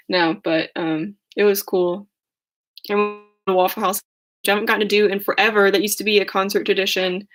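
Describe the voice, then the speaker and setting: A hoarse young woman chatting casually on a livestream, rambling and laughing at herself. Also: mid-range voice, a bit bright. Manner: rambling, giggly, self-deprecating. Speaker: livestream host.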